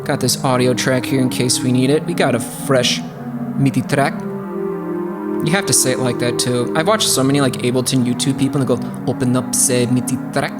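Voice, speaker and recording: Rambling man with loud music behind. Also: medium pitch, steady tone, fast, hardly any pauses. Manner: rambling, lots of fillers and asides. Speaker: host. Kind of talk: casual music production tutorial hangout.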